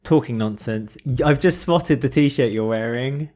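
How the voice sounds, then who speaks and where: A man from the UK co-hosting a podcast, in casual chat, chatty and joking with quick asides. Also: mid-range voice, darkish tone. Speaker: podcast co-host.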